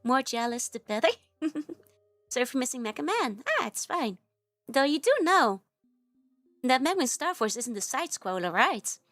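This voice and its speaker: Giggly high-voiced woman vtuber saying hi to chat, a bit sick still, faint music behind. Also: big pitch swings, fairly bright tone, no echo. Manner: bubbly, giggly, rapid repeated greetings. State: recovering from a cold, coughing. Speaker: VTuber streamer. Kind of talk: live-stream chat with viewers.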